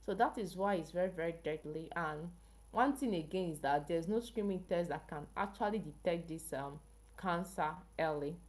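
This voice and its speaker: A woman's voice: fairly low pitch, normal speed. A woman from Africa hosting a casual health livestream, chatting with viewers and asking them questions. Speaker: health channel livestream host.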